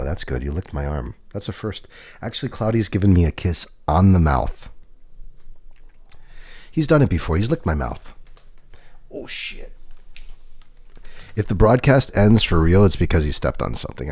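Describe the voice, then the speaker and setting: A man with a deep, slightly mellow, husky voice livestreams from his home desk into a desk microphone, with no echo. He chats playfully and fondly to his cat, teasing it.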